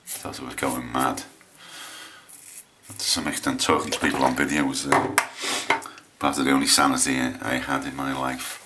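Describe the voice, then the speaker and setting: Very deep-voiced English man, rambling. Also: level tone, normal speed, heavy background noise. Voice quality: low voice. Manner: rambling, hesitant, lots of restarts. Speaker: shaving vlogger. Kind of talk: casual chat while shaving on camera.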